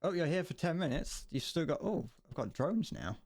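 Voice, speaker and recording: A man's voice: a little high, big pitch swings, moderate pace, darkish tone. Rambling, joking male game streamer. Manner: rambling, joking, swears freely. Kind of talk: casual gameplay commentary.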